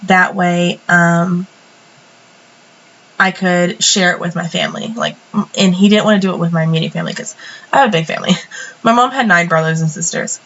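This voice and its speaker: A woman's voice: lowish voice, fairly even intonation, moderate pace, long pauses, a bit bright, lo-fi sound. Young female vlogger, casual rambling storyteller, sniffly, faint background hum. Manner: chatty, rambling, many fillers and restarts. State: sniffly from a cold. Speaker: planner vlogger.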